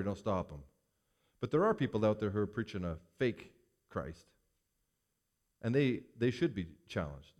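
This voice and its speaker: A man preaching a sermon as a pastor, reading scripture aloud and commenting on it with animated emphasis. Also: medium pitch. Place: church.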